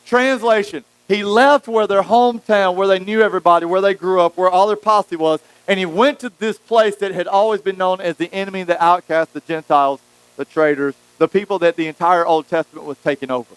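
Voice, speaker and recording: A preacher tells the story with animated, acted-out lines. His voice sits high and rings smooth and clear. The sound is close and dry. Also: fairly quick, dry recording, rough recording. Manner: animated storytelling, acting out quotes. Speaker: pastor. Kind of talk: sermon.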